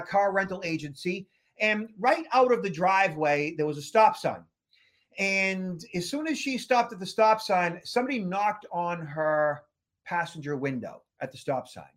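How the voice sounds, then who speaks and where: A man's voice: sits high, fairly bright tone. A man co-hosting a podcast, telling a story in a rambling, casual way and often repeating words as he goes. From Boston area. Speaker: podcast co-host.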